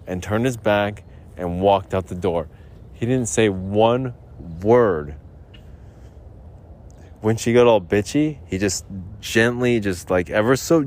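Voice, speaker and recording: A man's voice: lowish voice, darkish tone. Rambling, profane podcast guy. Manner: loose, profane, laughs through his own stories. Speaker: podcast host. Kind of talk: rambling casual storytelling.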